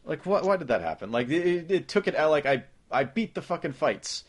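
A man co-hosting a casual gaming podcast, talking loosely with plenty of swearing and quick interjections. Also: a little high, sing-song, husky. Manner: loose, profane, quick to jump in. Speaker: podcast co-host.

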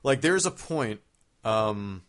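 A man with a lowish, slightly bright voice chats casually about gaming at a slow pace with lively intonation. He rambles, fills his talk with fillers and the occasional swear word, and laughs at his own stories.

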